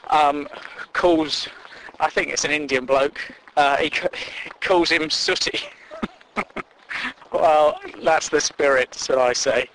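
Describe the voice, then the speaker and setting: Man, comic monologue, sweary, chuckles a lot, slightly high voice. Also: a bit bright, slight background noise, low-quality recording. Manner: sweary, self-amused, chuckling at own jokes.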